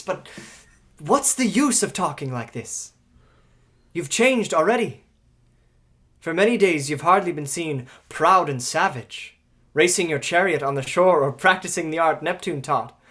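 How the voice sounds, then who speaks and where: A loyal tutor urging a prince to admit his love, played by a man in a stage tragedy. His voice sits a little high and he coaxes in steady, declamatory phrases. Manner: persuasive, coaxing, declamatory. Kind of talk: stage drama acting.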